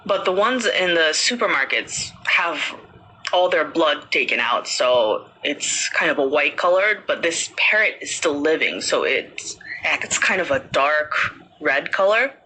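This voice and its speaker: A woman's voice: low-pitched, animated, unhurried, bright, forceful tone, a little hiss or hum, rough recording. A woman podcast host casually telling a ghost story, chatty with many fillers.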